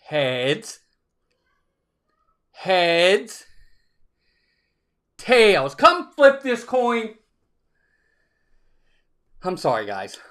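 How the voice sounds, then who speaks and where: A man's voice: high voice, huge pitch swings, extremely slow, long pauses, a bit bright. A man hosting a casual live stream, upbeat, laughing often and greeting viewers by name. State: out of breath.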